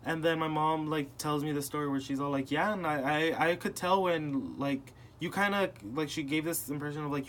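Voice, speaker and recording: A young adult man, a podcast host, tells a personal family story in casual chat, animatedly acting out his relatives' voices in retold dialogue and using lots of filler words. His voice is on the high side, with a faint hiss or hum in the recording.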